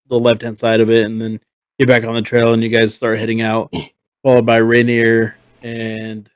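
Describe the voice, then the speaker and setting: Slow, rambling man running a tabletop game. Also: medium pitch, clean tone, dry recording, poor audio. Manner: rambling, full of fillers. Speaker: game master. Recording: streamed voice chat.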